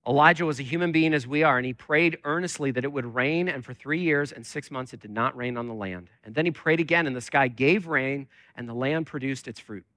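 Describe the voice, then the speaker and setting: A man's voice: mid-range voice, fairly quick, hardly any pauses, bright, forceful tone, no room sound. A man preaching a conversational sermon as lead pastor, talking with many fillers.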